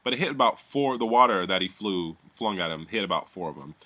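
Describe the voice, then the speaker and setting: A man's voice: low voice, expressive, fairly quick, pushed and bright. A man giving a casual, sardonic recap of a reality show, swearing freely and rambling as he goes.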